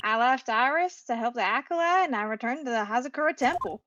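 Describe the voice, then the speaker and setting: A woman's voice: a little high, expressive, fast, highs cut off, background noise, natural voice. Woman doing a Southern-drawling young nun. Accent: put-on Southern US. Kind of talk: fan voice-over of a game.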